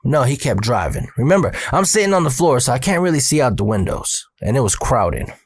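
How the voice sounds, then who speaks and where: A man recounts a story from his working days in loose, streetwise talk full of swearing. His voice sits at an ordinary middle pitch. The recording is dry and close, with no room sound. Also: sing-song, brisk, husky, dry recording. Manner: profane, streetwise, conversational. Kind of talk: casual personal storytelling.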